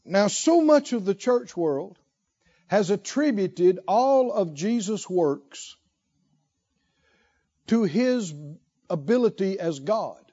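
High-voiced lively preacher man, slow, lo-fi. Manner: preaching with rhetorical questions and repetition, chuckling. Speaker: pastor. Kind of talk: sermon.

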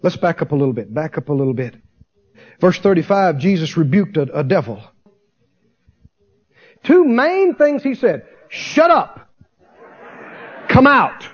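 A man's voice: fairly high pitch, sing-song, moderate pace, pauses often, husky. A man preaching a fervent sermon, firing rhetorical questions at his congregation and answering them himself. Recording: dull lo-fi sermon recording.

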